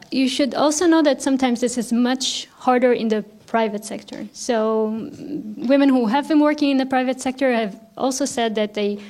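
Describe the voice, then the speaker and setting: A woman's voice: fairly high pitch, darkish tone. A woman moderating a round-table talk, speaking in a friendly, informal way. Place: lecture room.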